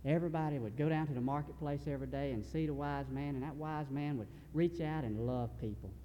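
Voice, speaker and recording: A man's voice: fairly high pitch, quick pace, highs cut off, slight background noise. A man preaching a sermon in a large hall. He speaks earnestly in a folksy way and often restarts his sentences. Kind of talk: sermon storytelling.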